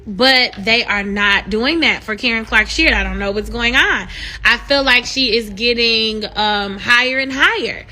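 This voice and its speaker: On a live stream, a woman with a high voice chats casually with her viewers. She encourages them in an animated, preachy way that builds into excited shouting.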